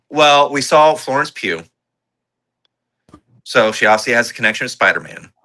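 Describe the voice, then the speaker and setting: A man's voice: mid-range voice, expressive, a little slow, sharp tone. A man co-hosting a casual movie review podcast, thinking aloud and trading theories. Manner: thoughtful, speculates about what comes next.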